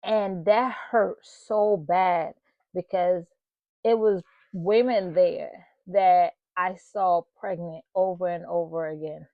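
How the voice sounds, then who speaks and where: A woman's voice: on the low side, steady tone, slow pace, no room sound, highs cut off. A woman hosting her own channel, sharing an emotional personal testimony and talking straight to her viewers. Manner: emotional, earnest, addresses viewers directly. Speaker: channel host.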